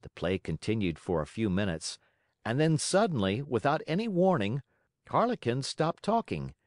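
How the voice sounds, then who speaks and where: A man's voice: mid-range voice, big pitch swings, moderate pace, no room sound, clean studio sound. A man reading a children's classic aloud as an audiobook narrator, telling the story expressively and voicing its characters. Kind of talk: scripted narration.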